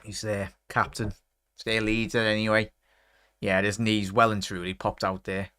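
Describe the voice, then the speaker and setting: A man, chatting to his live chat during a football watchalong and breaking into excited shouts at big chances. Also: fairly low pitch, moderate pace, smooth, no room sound. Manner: talks straight to his chat. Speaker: watchalong streamer.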